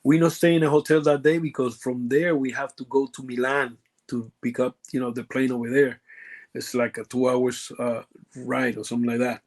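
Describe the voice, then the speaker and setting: Puerto Rican man telling halting stories. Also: mid-range voice, little pitch movement. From Puerto Rico. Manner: halting, lots of fillers and restarts, broken grammar. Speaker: guest, former pro wrestler. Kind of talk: casual storytelling interview.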